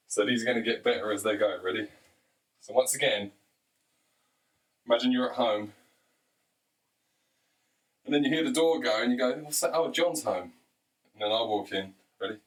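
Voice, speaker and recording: A man's voice: on the low side, recorded from a distance. A man rambling through a crude comic monologue, chatty and repeatedly urging the listener on. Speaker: comedian.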